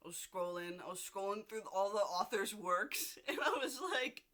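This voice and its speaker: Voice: medium pitch, steady tone, normal speed, fairly bright tone. A vlogger in a casual video diary, rambling and gushing, with frequent restarts and casual swearing, seated at home.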